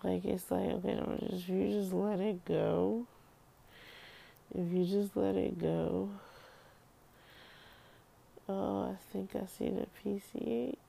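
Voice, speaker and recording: A woman's voice: medium pitch, flat delivery, slow pace, gravelly, pauses often, mellow, husky. A woman vlogging while sick and drowsy from cold medicine, slurring and rambling as she talks herself through it in a small room. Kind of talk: casual monologue to camera.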